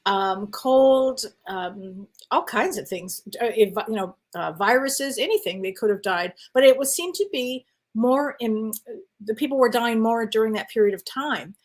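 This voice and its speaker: A middle-aged woman co-hosting a live online chat show, talking easily and laughing often. Her voice sits a little higher than most women's. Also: animated, a little slow. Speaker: co-host. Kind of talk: casual live-stream chat.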